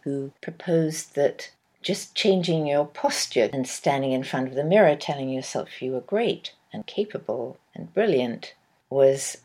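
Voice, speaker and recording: Low, husky-voiced woman radio host. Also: a little mellow. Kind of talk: scripted radio monologue.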